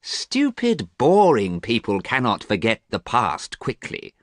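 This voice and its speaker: A man's voice: mid-range voice, huge pitch swings, unhurried, no echo, studio quality, voice pushed up. A man voicing a vain, cold young man who sounds bored and scornful, in a storybook reading. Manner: bored, scornful, sometimes sharp.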